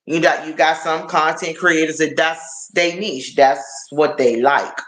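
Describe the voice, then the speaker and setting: A man's voice: a little high, steady tone, measured pace, a bit bright. A man chatting casually on a live stream, rambling and repeating his words as he talks to viewers. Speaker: livestreamer. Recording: roomy echo.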